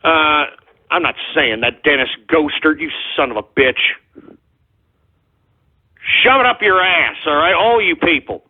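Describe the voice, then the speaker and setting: A man's voice: fairly high pitch, animated, measured pace, long pauses, slightly rough, phone-quality sound. A man hosting an internet radio show, ranting agitatedly and cursing at trolls. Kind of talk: live call-in style radio rant.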